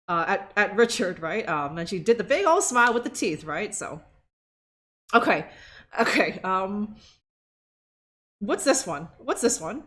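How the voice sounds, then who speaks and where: A woman's voice: mid-range voice, fairly bright tone. A woman streaming a video game, chatting casually, swearing, laughing and making sarcastic remarks.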